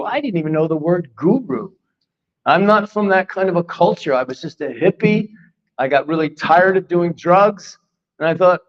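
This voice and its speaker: A man's voice: high voice, normal speed. An older man from Philadelphia, a spiritual teacher telling a personal story in a class, acting out what he once said. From Philadelphia, United States. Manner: animated, acts out his own past lines. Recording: dull lo-fi recording.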